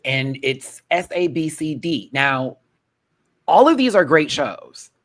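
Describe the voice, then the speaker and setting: Sassy animated male panel host. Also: on the high side. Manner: sassy, animated, quick asides. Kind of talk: casual panel chat.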